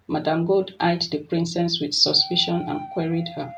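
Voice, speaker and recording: Steady folktale storyteller over soft music. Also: mid-range voice, moderate pace, vocal fry, few pauses, highs cut off. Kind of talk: scripted folktale narration.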